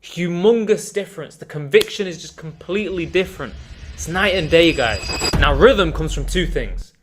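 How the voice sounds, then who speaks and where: Energetic man coaching on vocal tonality. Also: a little high, moderate pace, background noise. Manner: energetic, emphatic, addresses viewers as guys. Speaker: communication coach. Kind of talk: online course lesson.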